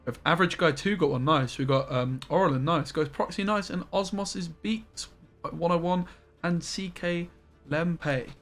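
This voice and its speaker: Excitable streamer yelping in surprise. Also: male voice, a little high, moderate pace, faint music behind. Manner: excitable, bursts into loud surprised yelps. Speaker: game streamer. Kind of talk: live-stream commentary.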